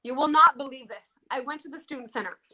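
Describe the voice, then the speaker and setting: Woman guest, high bright voice, tells her story with big emphasis, repeats lines slow. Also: slight background noise. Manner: emphatic, repeats key phrases slowly. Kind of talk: emotional personal storytelling.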